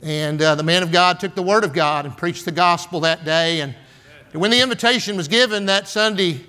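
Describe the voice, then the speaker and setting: With a high-pitched, bright, and forceful voice that rings clear and resonant, a pastor in his 60s from San Antonio, Texas, tells stories in his sermon at a moderate pace. His folksy manner leans heavily on fillers like "and, uh" and "man."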